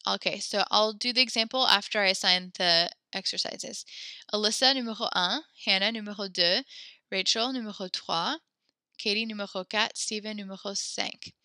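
A woman teaching a French class, giving brisk instructions that mix English and French and often correct herself mid-sentence. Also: mid-range voice, fairly even intonation, bright, forceful tone, no echo.

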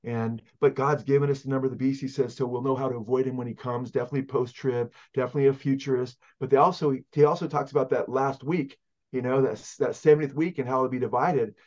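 Fervent pastor, muffled audio. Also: male voice, mid-range voice, steady tone, darkish tone. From California. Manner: fervent, halting, with many fillers. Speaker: pastor and guest. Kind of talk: conversational teaching on prophecy.

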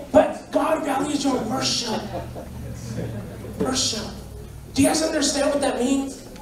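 A man preaching a sermon in a joking, animated way, often repeating his phrases. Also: very high-pitched. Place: church sanctuary. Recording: echoey church hall, mic far off.

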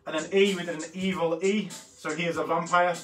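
A man's voice: a little high, fairly even intonation, fairly quick. Rambling man in his thirties. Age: 30s. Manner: chatty and rambling, with frequent fillers and self-corrections. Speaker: art workshop host. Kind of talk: casual walkthrough of artwork. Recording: slightly distant mic with faint music behind.

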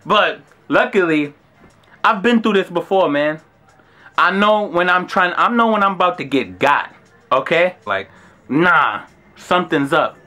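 A man in his twenties with a New York accent, telling a story in an animated, slangy and profane way. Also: high-pitched, unhurried, soft background music. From Brooklyn, New York. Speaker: vlogger. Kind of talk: casual storytelling.

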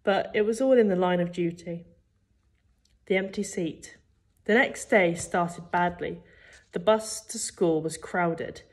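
Reading slowly in a lowish voice, a woman who teaches primary school brings a children's book to life, giving each character its own expressive turn.

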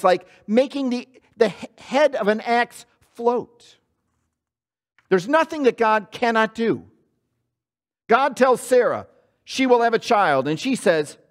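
Animated high-voiced preacher. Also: male voice. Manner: animated preaching with dramatic voice swings, acting out quotes. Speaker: pastor. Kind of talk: sermon. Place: church sanctuary.

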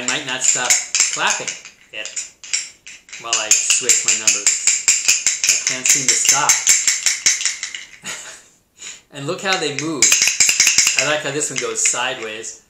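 A man's voice: mid-range voice, echoey room, very noisy. A male teacher chatting playfully through an online math lesson and a picture-book read-aloud. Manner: playful, chatty, laughs at himself. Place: Seattle.

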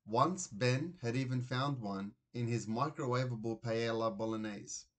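A man narrating a children's storybook aloud in an expressive reading voice. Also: mid-range voice, unhurried. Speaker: reader.

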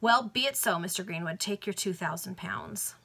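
Lady reading as a cornered victorian banker guy, pleading, agitated, bright tone. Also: medium pitch, moderate pace, vocal fry, slightly rough. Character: desperate male Victorian banker.

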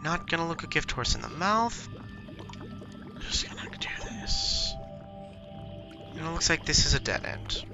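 A man's voice: fairly high pitch, animated, fairly quick, vocal fry, few pauses, dull audio, over loud music. A young man hosting a gaming channel, giving jumpy let's-play commentary and talking to himself and to the monsters chasing him.

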